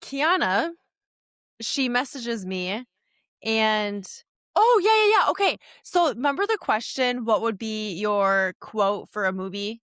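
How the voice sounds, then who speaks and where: A woman's voice: fairly high pitch, animated, slow pace, fairly bright tone, no room sound, studio quality. A woman co-hosting a podcast in a casual chat, talking in a rambling way with many fillers. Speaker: podcast co-host.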